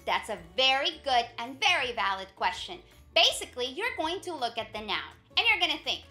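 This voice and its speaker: A woman teaching a language lesson to learners, encouraging and patient, repeating words slowly to model them. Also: sits high, very animated, bright, forceful tone. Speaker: Spanish teacher. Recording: faint background music.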